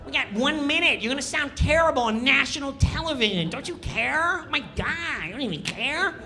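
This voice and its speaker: A man's voice: animated, normal speed, pushed and bright, heavily acted. A man doing a whiny, needling male castmate. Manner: needling, high-pitched, incredulous.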